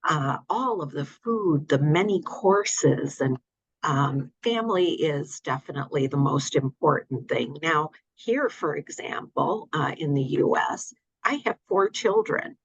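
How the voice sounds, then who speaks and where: An older woman talking in a relaxed interview, hesitant with many fillers and restarts, over a dull audio line. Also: deep voice, unhurried, husky, no room sound. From United States. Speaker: guest. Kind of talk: casual interview.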